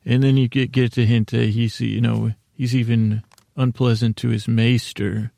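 A man's voice: mid-range voice, flat delivery, normal speed, gravelly, warm tone, no echo. A man hosting a podcast, recapping an episode in a casual, rambling way from his notes, often breaking off and restarting. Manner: rambling, self-interrupting, reading from notes. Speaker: podcast host.

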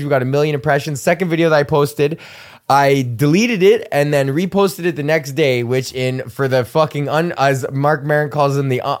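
Young male host, casual profane rant, rambling and animated, voice on the higher side. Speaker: podcast host. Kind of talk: casual ranting monologue.

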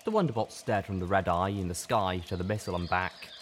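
A man narrating a first-person fan fiction story in a steady, measured way. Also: deep voice, slight background noise. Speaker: audiobook reader.

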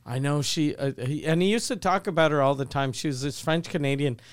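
High-pitched man, clear crisp voice. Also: a little fast, no room sound, studio quality. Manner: animated, swears freely, laughs while telling stories. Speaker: podcast co-host. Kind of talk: casual chat, storytelling.

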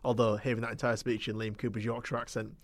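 A wry man co-hosts a football chat in a calm, middle-pitched voice. He undercuts excitement with dry humour. The recording is dry and close. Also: fast talker, dry recording. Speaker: podcast co-host.

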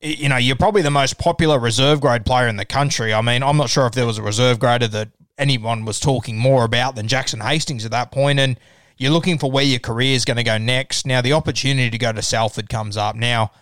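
A man's voice: mid-range voice, fast talker, a bit bright, no room sound, clean studio sound. A man hosting a podcast interview, friendly and matey, setting up his questions with long lead-ins. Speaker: podcast host. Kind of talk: conversational interview.

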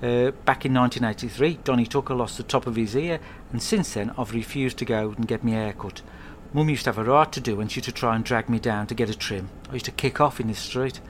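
Man, podcast host, comic monologue, sweary, deadpan, at home, faint background noise. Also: mid-range voice. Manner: rambling, sweary, deadpan storytelling.

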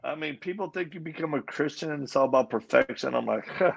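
Guy with a gravelly husky voice telling his faith story, kinda muffled lo-fi sound, acts out the quotes. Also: on the high side, quick pace. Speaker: interview guest. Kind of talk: personal testimony in conversation. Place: live event at a Christian coffee house.

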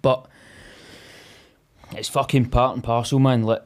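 A young Scottish man chatting as a podcast guest, swearing freely and laughing through animated stories. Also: mid-range voice, unhurried. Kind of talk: casual chat.

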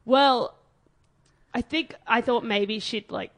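A woman's voice: fairly high pitch, slow pace. A woman, telling a long story in a casual podcast chat and acting out what people said. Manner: animated storyteller, acts out quotes. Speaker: podcast co-host.

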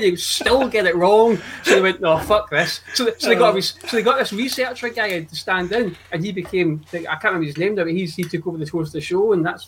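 Fast-talking man on a podcast. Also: sits high, a bit bright. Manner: fast explainer, stumbles and restarts. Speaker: podcast panelist. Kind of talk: casual fan podcast chat.

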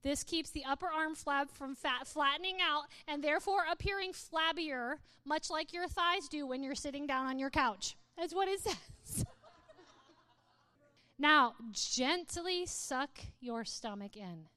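A woman's voice: high-pitched, a little slow, bright, forceful tone, no room sound. A woman speaking to a live audience in a playful, humorous way, often laughing and reading aloud with mock drama.

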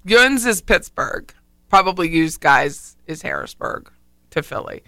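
A woman's voice: fairly low pitch, animated, a little slow, sharp tone, no echo. A woman with a Philadelphia accent hosting a radio talk show, speaking in a casual, emphatic way and hammering home key words. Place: radio studio.

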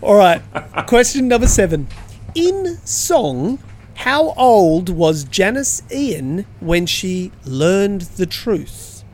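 Chatty high-voiced male quiz host. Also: darkish tone, slight background noise. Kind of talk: casual chat.

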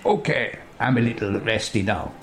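A man voicing a learned male translator figure, speaking low, quiet and measured in a comic story. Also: lively intonation, natural voice. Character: learned grown male sailor-translator, calm and matter-of-fact.

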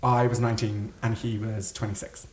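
A man's voice: lowish voice, level tone, normal speed, darkish tone, faint music behind. A young man, a podcast co-host, chatting casually and laughing while he tells a story and quotes himself. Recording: echoey room with faint noise.

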